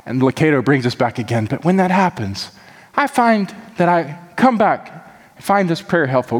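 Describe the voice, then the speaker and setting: A man's voice: a little high, very animated, normal speed, long reverb tail. A man who is a pastor, preaching a sermon with impassioned, repetitive emphasis that keeps building.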